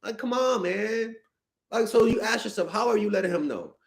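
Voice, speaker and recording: A young man coaches fans on dating in a loose, unscripted stream. His voice sits fairly high and swings widely, and his delivery is blunt and exasperated, with casual swearing. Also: animated, moderate pace, creaky. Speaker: dating coach answering fan questions. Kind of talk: casual livestream advice.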